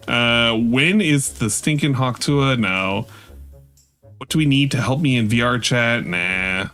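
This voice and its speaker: A man's voice: mid-range voice, bright, forceful tone. A man casually commenting on clips during a live stream, mocking and offhand. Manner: mocking, offhand, often swearing.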